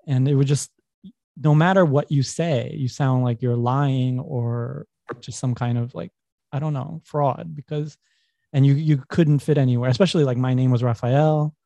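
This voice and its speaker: A man's voice: mid-range voice, fairly even intonation, normal speed, gravelly, mellow, no echo, highs cut off. A young adult man, rambling through personal stories in casual conversation and laughing as he tells them. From New York. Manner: rambling, self-correcting, laughs while telling. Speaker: podcast guest.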